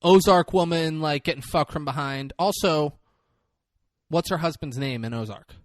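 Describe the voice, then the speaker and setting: A man's voice: a little high, normal speed, no echo, studio quality. A man co-hosting a podcast, casually retelling a film scene with lots of swearing and acted-out character voices. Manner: acts out film characters in swinging voices, profane. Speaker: podcast co-host.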